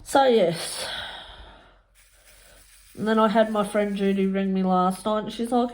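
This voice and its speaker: Slow, chatty woman. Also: steady tone, a little mellow. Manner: chatty storytelling, acts out quotes in high voices, laughs often. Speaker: crafting vlogger. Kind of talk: casual chat while crafting.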